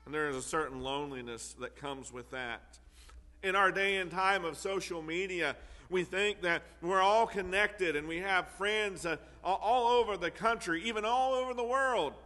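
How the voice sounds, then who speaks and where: A man's voice: fairly high pitch, pushed and bright, long reverb tail. A man preaching a sermon in an earnest way, repeating key phrases for emphasis.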